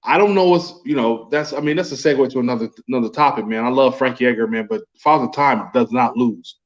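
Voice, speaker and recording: A man's voice: medium pitch, fast, muffled recording. A young adult man co-hosting a casual fight podcast, slangy and profane, calling his partner homie and bro. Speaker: podcast co-host. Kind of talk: casual sports chat.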